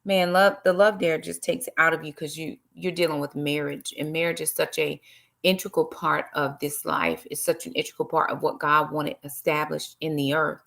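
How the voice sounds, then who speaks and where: A middle-aged woman chats through a live-stream devotional, greeting viewers by name and slipping into preachy asides. Her voice sits fairly low with a gravelly edge. She talks casually to her audience between points. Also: flat delivery, normal speed, fairly bright tone. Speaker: livestream host and Bible study teacher.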